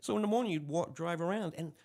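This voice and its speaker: A man, a retired police lieutenant telling lively, laughing anecdotes in a casual interview. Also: a little high, fast, vocal fry. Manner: animated, laughing anecdotes, acts out voices in his stories.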